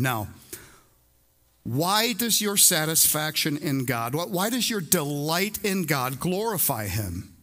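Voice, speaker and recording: A man's voice: on the high side, very animated, slow, sharp tone. A male pastor preaching a sermon to a congregation in an emphatic, conversational way, repeating his key phrases. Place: church service before a congregation.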